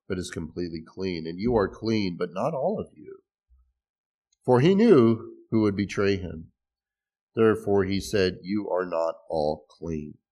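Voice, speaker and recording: A man preaching a sermon in a conversational way, explaining scripture with restarts and small laughs. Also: on the low side. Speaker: pastor.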